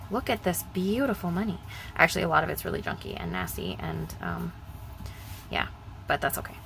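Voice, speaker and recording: Chatty young woman with a lowish voice. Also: gravelly, fairly bright tone, slight background noise, low-quality recording. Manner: chatty, rambling, repeats herself. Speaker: budgeting vlogger. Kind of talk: casual vlog chat.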